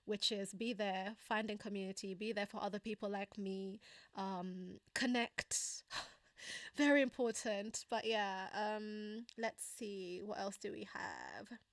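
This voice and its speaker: A woman's voice: medium pitch, slow pace, dry recording. Chatty Kenyan woman streaming live, dry close sound. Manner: chatty, laughs often, many fillers. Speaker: livestream host. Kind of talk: casual live chat reading viewer comments.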